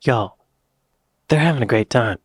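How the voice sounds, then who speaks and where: A man's voice: medium pitch, expressive, measured pace, slightly rough, no room sound. An American man hosting a reaction video, making loose, joking asides as he watches. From United States. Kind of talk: casual reaction commentary.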